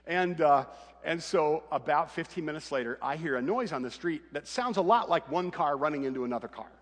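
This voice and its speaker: In a large hall, a middle-aged man who is a pastor speaks fairly quickly in a voice on the high side. He brings a humorous family story to life during his sermon, animatedly acting out the voices.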